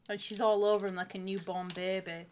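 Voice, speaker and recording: A woman's voice: mid-range voice, little pitch movement, fairly quick, darkish tone, slight background noise. A woman with a Yorkshire accent, chatting casually and bluntly, swearing freely and laughing often. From Yorkshire, England. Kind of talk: casual chat.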